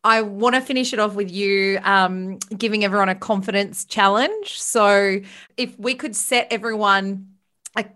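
A woman's voice: mid-range voice, moderate pace, a bit bright. A woman hosting a podcast in a casual, effusive way, often laughing and gushing. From Australia. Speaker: podcast host.

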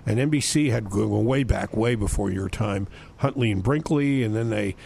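A man's voice: lowish voice, moderate pace, creaky, a little mellow, husky. Chatty older man radio host. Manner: chatty, storytelling, reads an endorsement. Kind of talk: casual radio banter.

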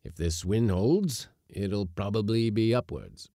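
A man voicing a pompous, touchy male schooner skipper in a storybook reading, gruff and stern. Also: lowish voice, animated, slow pace, warm tone, no room sound, clean studio sound. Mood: musing.

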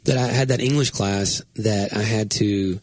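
A man, a pastor and podcast host, chatting casually in a rambling, self-interrupting, animated way. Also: fairly low pitch, moderate pace, dry recording. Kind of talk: casual chat.

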